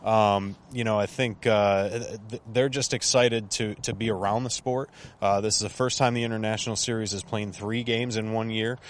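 A Southern American man co-hosting a sports podcast, talking in a relaxed, hesitant way with many fillers. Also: on the low side, moderate pace, hardly any pauses, slight background noise. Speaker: co-host. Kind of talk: casual sports podcast chat.

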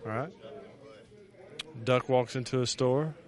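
A man's voice: medium pitch, takes it slowly. A man answering questions casually and telling a joke in a laid-back way. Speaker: interviewee.

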